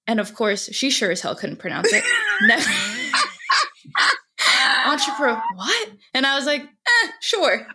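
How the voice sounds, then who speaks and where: A woman's voice: high voice, huge pitch swings, fairly quick, noisy background. A woman hosting a podcast interview, enthusiastic and encouraging, laughing along with her guest. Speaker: podcast host. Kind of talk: casual interview chat.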